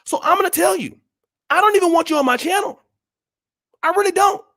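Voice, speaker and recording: Male vlog host, very high voice, preachy and forceful, tough-love rant. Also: fairly quick, gravelly. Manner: blunt, scolding, repeats rhetorical questions. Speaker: channel host. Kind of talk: blunt motivational monologue.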